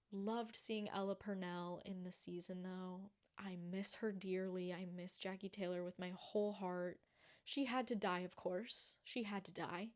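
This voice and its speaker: A young woman rambling excitably in a casual vlog, pleading and getting winded and lightheaded. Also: mid-range voice. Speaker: vlogger. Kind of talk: casual monthly wrap-up vlog.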